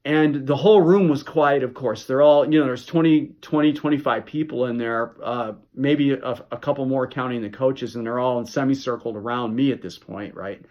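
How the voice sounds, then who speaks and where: A man's voice: mid-range voice, moderate pace, hardly any pauses, dull audio. A man vlogging, telling a personal story straight to the camera in a rambling way, with frequent restarts. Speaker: health vlogger. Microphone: camera mic.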